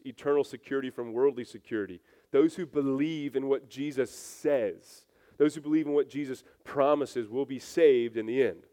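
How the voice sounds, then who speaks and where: A man's voice: medium pitch, warm tone. A male pastor giving a sermon, shifting from casual, filler-heavy storytelling to earnest teaching with big swings in energy.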